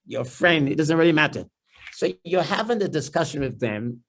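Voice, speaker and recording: A Trinidadian man speaks at an ordinary middle pitch, teaching a church family series. He restarts phrases and repeats words often. When he acts out a listener's private thoughts, he drops lower and softer. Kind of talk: seminar-style talk in church.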